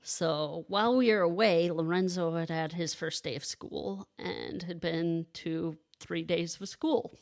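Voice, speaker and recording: A woman in her thirties with a somewhat low speaking voice tells a personal story in a casual podcast chat. She talks in halting bursts, restarting sentences and filling gaps with "like" and "you know.". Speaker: podcast co-host telling her own story.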